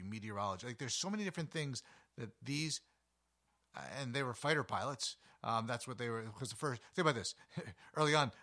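A man with a bright, forceful voice hosts a casual science show. He talks like a playful teacher, cracking jokes, correcting himself and throwing questions at the listener. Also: mid-range voice. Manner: jokey, self-correcting, lively teacher tone; asks the listener rhetorical questions. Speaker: host of an educational podcast. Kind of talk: casual educational talk.

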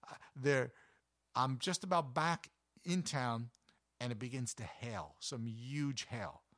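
A man's voice: medium pitch, expressive, slow pace, fairly bright tone, dry recording, studio quality. A man telling casual travel stories in a rambling, anecdotal way, with many fillers and restarts. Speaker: travel vlogger.

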